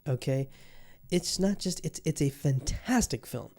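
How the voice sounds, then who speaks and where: A man's voice: a little high, animated, measured pace, a little mellow. A man hosting a podcast alone, talking loosely with lots of fillers, swearing and restarts. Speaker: podcast host. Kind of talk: casual solo podcast monologue.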